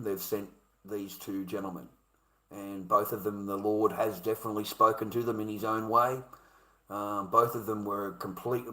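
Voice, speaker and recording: A man's voice: on the low side, sharp tone, roomy sound, rough recording. A man telling a rambling personal story, full of slang and calling the listener mate and bro. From Australia.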